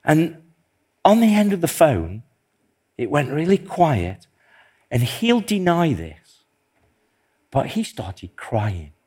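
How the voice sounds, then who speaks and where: A man's voice: a little high, wildly swooping pitch, takes it slowly, pauses often, warm tone, breathy edge. A man preaching a sermon, telling a personal story in an earnest, self-deprecating way. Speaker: pastor.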